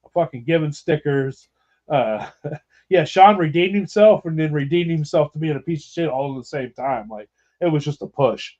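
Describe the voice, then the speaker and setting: Male podcast host, slightly high voice, loose profane storytelling, muffled lo-fi audio. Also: animated, moderate pace, darkish tone. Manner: rambling, profane, laughing storyteller. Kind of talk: casual storytelling chat.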